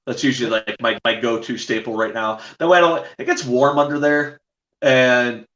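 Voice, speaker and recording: Guy who does ring announcing, chatting through stories on a call, sounds kinda muffled and echoey. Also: normal speed. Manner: animated anecdotes, jumps to a higher pitch when quoting people. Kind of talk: casual storytelling interview. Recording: echoey, dull lo-fi remote audio.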